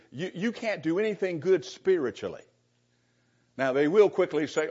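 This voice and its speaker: A man's voice: on the high side, animated, fairly quick, darkish tone, highs cut off. A man preaching informally to a Bible class, sarcastic and chuckling, speaking straight to the people in the room.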